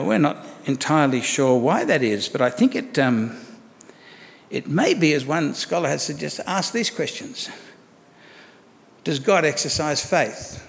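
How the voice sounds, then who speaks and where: A man's voice: medium pitch, creaky, big-room sound. A man preaching a sermon as pastor, conversational and asking rhetorical questions of the congregation.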